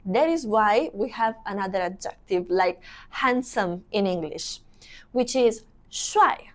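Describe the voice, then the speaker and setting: A young woman giving a video language lesson at an unhurried, careful pace. She explains slowly and repeats each example phrase so it sinks in. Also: mid-range voice, animated. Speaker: language teacher.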